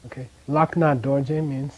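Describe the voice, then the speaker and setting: A man's voice: mid-range voice, a little slow, dull audio, a little hiss or hum. A middle-aged man teaching a language class in a casual way, often checking in with his students. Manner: relaxed, casual, checks in with "okay?".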